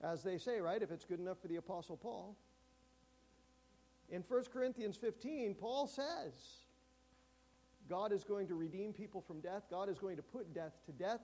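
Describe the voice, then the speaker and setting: High-voiced emphatic male preacher. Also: lively intonation. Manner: emphatic, slows down and drops to a hush on key words. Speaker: pastor. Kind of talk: sermon. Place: church.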